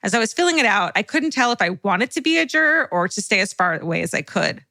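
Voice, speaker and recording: A young adult woman co-hosting a podcast, reading listener stories aloud with an animated, swearing, laughing manner. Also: medium pitch, fast talker, creaky, no room sound. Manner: animated storyteller, swears freely, laughs often. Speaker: podcast co-host.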